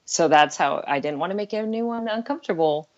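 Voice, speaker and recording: A woman's voice: lowish voice, animated, a little fast, highs cut off. A middle-aged woman talking earnestly and candidly as a guest on an interview podcast, laughing now and then. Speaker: life coach guest.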